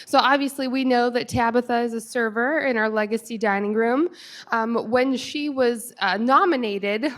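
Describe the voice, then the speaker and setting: A woman's voice: on the high side, fairly bright tone. A woman giving upbeat, chatty staff announcements at a community town hall meeting. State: out of breath.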